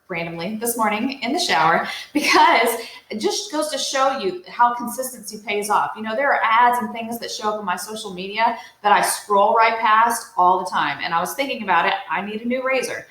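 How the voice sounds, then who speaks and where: A woman's voice: on the high side, fairly bright tone. A woman coaching real estate agents in a casual, upbeat, direct way, with lots of "you know"s. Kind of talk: casual motivational talk to agents. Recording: roomy echo.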